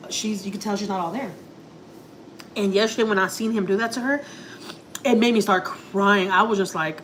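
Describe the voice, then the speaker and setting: A woman's voice: medium pitch, a bit bright, a little hiss or hum, poor audio. A woman family vlogger telling a story casually to her viewers, rambling and confiding, full of "like" and "you know". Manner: rambling, heavy use of filler words like "like" and "you know"; emotional, confiding.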